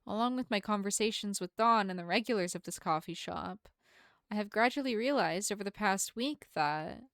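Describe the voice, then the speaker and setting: A woman's voice: mid-range voice, dry recording, natural voice. Girl reading out a super polite formal young woman from a story game, self-doubting, dry close sound. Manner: formal, measured, apologetic phrasing. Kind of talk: reading a visual novel aloud.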